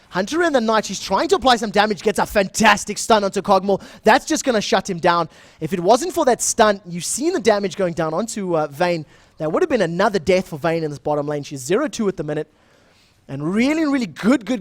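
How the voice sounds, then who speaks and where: A young man with a South African accent doing live esports play-by-play, speeding up and getting louder in the big moments. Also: sits high, no room sound. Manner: fast, excitable play-by-play that rises in big moments. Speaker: esports shoutcaster. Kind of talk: live game commentary.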